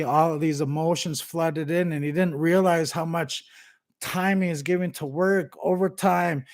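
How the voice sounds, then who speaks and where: A man vlogging, telling a story and giving motivational advice in a casual, animated way. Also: a little high. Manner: animated, conversational, preachy.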